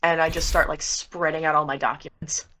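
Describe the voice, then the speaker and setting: A woman's voice: deep voice, level tone, fairly quick, pushed and bright. A woman player casually describing her character's actions in a tabletop game, often laughing.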